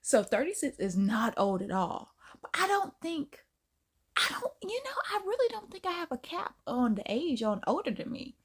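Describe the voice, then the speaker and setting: Woman reaction host, chatty, bouncy pitch all over. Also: normal speed. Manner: chatty and animated, laughs and exclaims often. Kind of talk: casual reaction commentary.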